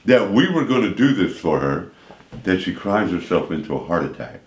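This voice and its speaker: A man's voice: mid-range voice, unhurried, roomy sound. A man guest on a radio show, telling a long anecdote and voicing the people in it. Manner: lively anecdote with voiced quotes. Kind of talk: animated storytelling. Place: radio studio.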